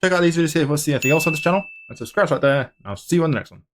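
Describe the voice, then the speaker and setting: A man's voice: on the high side, very fast, background noise. A man hosting a reaction video, commenting bluntly with an exasperated, swearing manner.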